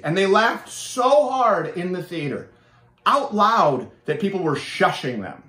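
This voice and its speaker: A high-voiced young man from Canada rants sarcastically as a show host, his pitch leaping up and down as he goes. He stumbles and restarts often. The room around him sounds echoey. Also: a little slow. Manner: animated, sarcastic, with many restarts. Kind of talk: opinionated monologue.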